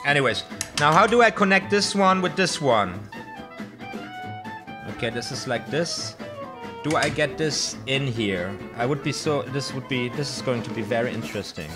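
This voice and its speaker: A man's voice: medium pitch, lively intonation, normal speed, music in the background. A man talking to camera as he sets up his streaming gear. He rambles through a lot of fillers and restarts, and curses when things go wrong. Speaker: vlogger setting up streaming gear. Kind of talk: unscripted self-talk to camera. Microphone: desktop USB microphone under test.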